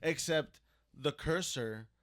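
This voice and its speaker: A man co-hosting a podcast, telling a story in an animated, profane way with frequent laughter. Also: a little high, slow pace. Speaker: podcast co-host. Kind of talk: casual storytelling.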